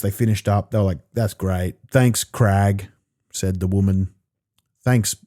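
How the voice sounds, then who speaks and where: A man's voice: on the low side, dark tone. A man performing a rambling, profane stand-up routine alone in a small room. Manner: rambling, profane storytelling with quick asides. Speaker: stand-up comedian.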